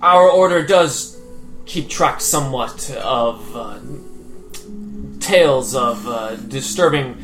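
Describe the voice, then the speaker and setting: Man playing a polite old-order lore master, slow and measured, music under. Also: mid-range voice, a bit bright. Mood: earnest. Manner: measured, hesitant speech with many pauses. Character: formal, courteous male lore master of an order.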